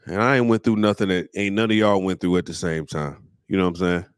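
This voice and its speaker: A man's voice: sits low, steady tone, quick pace, clean tone, dry recording, clean studio sound. A man hosting his own comedy show, roasting viewers' comments in loose slang and breaking into laughter. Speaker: comedian host.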